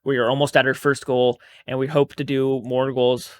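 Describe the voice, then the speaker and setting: A man's voice: medium pitch, flat delivery, moderate pace. A man hosting his own channel, telling a paranormal experience in a casual, rambling, earnest way and swearing freely. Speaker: channel host.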